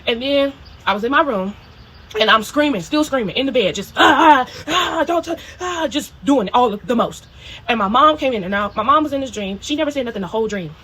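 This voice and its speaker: Fast-talking, animated woman telling a story. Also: on the high side, slightly rough, low-quality recording. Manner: animated, chatty, swears freely, frequent "you know" and "okay?". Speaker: spiritual video diarist. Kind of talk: casual storytelling video diary.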